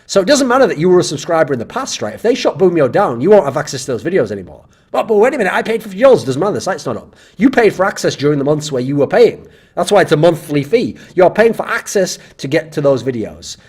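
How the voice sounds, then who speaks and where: Exasperated male host ranting on comments, husky voice, swings up and down in pitch. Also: sing-song, fast talker, few pauses, a little mellow. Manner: sarcastic, exasperated, swears freely. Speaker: esports commentator and channel host.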